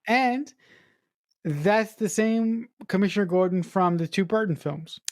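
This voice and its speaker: This woman, a writer who co-hosts a movie podcast, chats enthusiastically in a casual review, repeating words while she collects her thoughts. Her medium-pitched voice is unhurried, and the studio recording is clean and dry.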